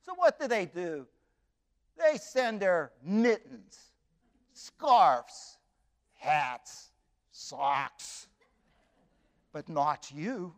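Tender old Hildy, voiced by a male storyteller, soft and heartfelt as she thanks a dear friend. The voice sits fairly high and is slow and gentle. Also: sing-song, heavily acted. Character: elderly woman Hildy, warm, tender, touched.

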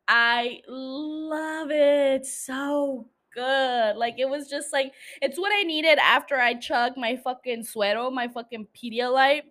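Young female podcast host, high-pitched, chatty, profane, quick to laugh. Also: sharp tone. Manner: chatty, swears freely, laughs often. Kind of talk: casual solo podcast chat.

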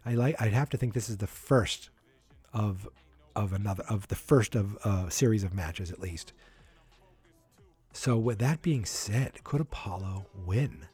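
A man's voice: on the low side, darkish tone, husky. A man hosting a casual solo wrestling prediction podcast, rambling, correcting himself and thinking aloud as he talks.

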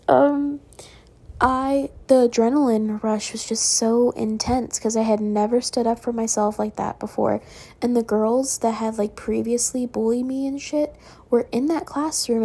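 A woman's voice: fairly high pitch, fairly even intonation, a little slow, mellow, slightly rough. A young woman telling a personal story in a casual, rambling way at home, full of "like" and "um".

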